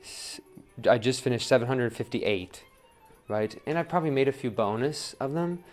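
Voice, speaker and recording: A man's voice: medium pitch, expressive, normal speed, soft background music. A man demonstrating wheel throwing on a livestream, talking casually, counting his pulls aloud and asking "right?" a lot. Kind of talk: live-streamed pottery demo. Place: pottery studio at the wheel.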